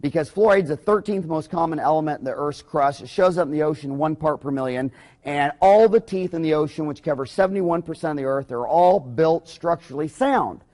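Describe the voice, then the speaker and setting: A man, a dentist delivering a rambling, impassioned business talk in a folksy way, often breaking into loud, excited bursts. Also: fairly high pitch, a little fast.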